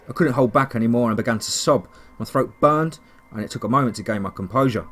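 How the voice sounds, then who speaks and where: A man's voice: mid-range voice, quick pace, hardly any pauses, a bit bright, slight background noise. Guy narrating a creepy camping horror story, tense and dramatic, ordinary mid voice.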